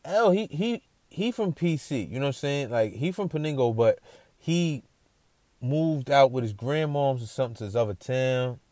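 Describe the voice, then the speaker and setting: A man's voice: medium pitch, expressive, moderate pace, mellow, no echo, studio quality. Slangy New storyteller man. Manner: slangy, repeats words, keeps checking in with listener. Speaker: podcast storyteller. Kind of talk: casual storytelling.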